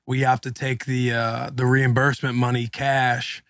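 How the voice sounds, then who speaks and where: A man co-hosting a podcast, telling a long story in a casual, slangy, animated way. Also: mid-range voice, smooth, no room sound, studio quality. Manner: animated, slangy, quick retelling with acted quotes. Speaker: podcast co-host.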